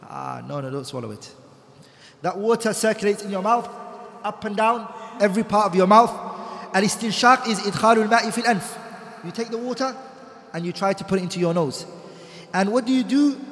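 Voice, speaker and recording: A man teaching a classroom lecture, reciting Arabic text quickly and then explaining it in English, putting questions to the class. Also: sits high, fairly bright tone. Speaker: teacher of Islamic law. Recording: echoey hall.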